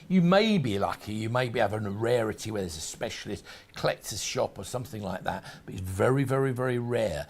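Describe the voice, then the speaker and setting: A man's voice: fairly low pitch, expressive, brisk, hardly any pauses, slight background noise. A man hosting a shopping channel, talking through collectables in chatty, rambling sales patter with frequent restarts. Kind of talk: sales presentation.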